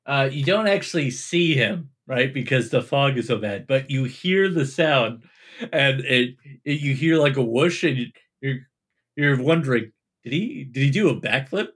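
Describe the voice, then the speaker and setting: A man's voice: medium pitch, expressive, unhurried, fairly bright tone. A man narrating a tabletop game as game master in a laid-back way, laughing often.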